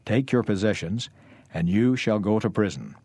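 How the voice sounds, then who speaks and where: A man's voice: lowish voice, animated, moderate pace, dark tone, slightly rough, dry recording. A man voicing a stern male creditor who insists on justice, read out firmly and plainly.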